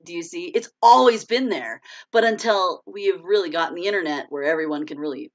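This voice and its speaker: A woman's voice: lowish voice, a little fast, highs cut off. A woman in her forties hosting a casual live chat, talking freely, laughing often and answering viewers' comments.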